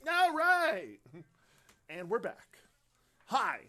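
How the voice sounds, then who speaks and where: High-voiced chatty man hosting a radio livestream. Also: huge pitch swings, drawn-out words, sharp tone. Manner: rambling, chatty, upbeat. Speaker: radio host. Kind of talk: casual livestream chat, reading viewer questions.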